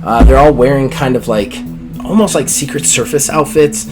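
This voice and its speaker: Male game master narrating a tabletop game, relaxed, halting, music playing behind. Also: medium pitch.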